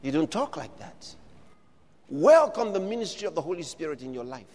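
A man preaching with a high, swooping voice that rises and falls freely. He presses his congregation with repeated questions, and his words ring out in the long reverb of a large hall. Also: sing-song, normal speed, a little mellow. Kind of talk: sermon.

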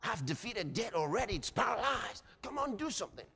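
A calm, fatherly God speaks low and hushed, as a preacher puts him on in a sermon. The voice is bright and carries a long church-hall reverb. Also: a little fast, gravelly, slightly rough, exaggerated voice. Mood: urging. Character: God, calm fatherly male deity urging.

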